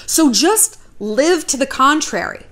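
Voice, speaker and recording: A woman in her thirties talks straight to her viewers with frank, chatty dating advice. Her voice sits a little high and swoops all over with lively, animated inflection. She swears freely and drifts into storytelling asides. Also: measured pace. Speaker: commentary vlogger giving dating advice. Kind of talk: casual direct-to-camera advice talk. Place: home near a river, outside noise.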